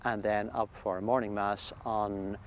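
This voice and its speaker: A man, a priest, describing a pilgrimage in a thoughtful, halting way with many restarts, recorded outdoors by a lake. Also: lowish voice, flat delivery. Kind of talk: conversational interview. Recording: faint outdoor background noise.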